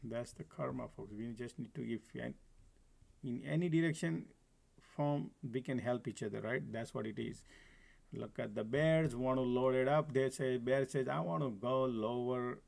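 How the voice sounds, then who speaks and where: A man's voice: medium pitch, normal speed, vocal fry, darkish tone. A man hosting a live stock trading stream, chatting casually to viewers as folks and laughing often. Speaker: stock trading livestream host. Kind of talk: live market commentary. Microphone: desk mic, at times sitting far from it.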